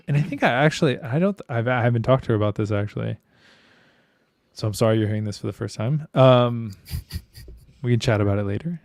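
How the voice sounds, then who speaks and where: A man's voice: medium pitch, a little mellow, smooth, no echo, studio quality. A young man co-hosting a podcast, talking candidly and casually with lots of swearing and restarts. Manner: candid and profane, rambling with restarts. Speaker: podcast co-host. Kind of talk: casual chat.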